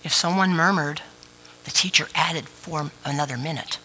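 Bright-voiced woman preaching conversationally. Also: low voice, moderate pace, slight background noise, low-quality recording. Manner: chatty and playful, with restarts and asides to the congregation. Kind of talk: conversational sermon.

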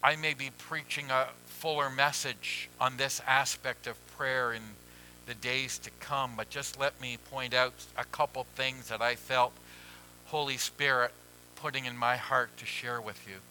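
Pastor, male, slow and bright-toned delivery, hushed lows to loud climaxes, faint hum behind. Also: fairly even intonation, low-quality recording. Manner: slow, dramatic swings from hushed near-whispers to loud pleading. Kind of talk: sermon.

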